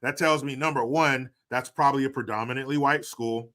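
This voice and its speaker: A man hosting an opinionated commentary video, profane and mocking, swinging between loud outbursts and low muttered asides. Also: fairly even intonation, a little fast.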